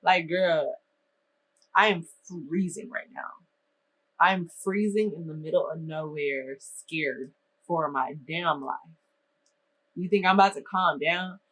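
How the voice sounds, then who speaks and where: A young adult woman from Minnesota telling a storytime vlog in a lively, exasperated way, full of casual slang. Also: sits low, takes it slowly, pauses often, a little hiss or hum, poor audio.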